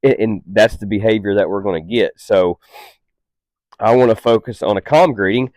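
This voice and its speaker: A calm, patient man training a dog, with a fairly low voice. His explanations stay steady and unhurried, broken up by short, stern commands. The sound is dry and close. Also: dry recording. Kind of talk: instructional demonstration.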